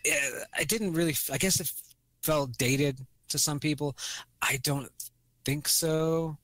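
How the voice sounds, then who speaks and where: A man's voice: on the high side, fairly even intonation, measured pace, a bit bright, no echo. Casual, profane man on a podcast. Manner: rambling, profane, acts out quotes. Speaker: podcast co-host. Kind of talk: casual movie chat.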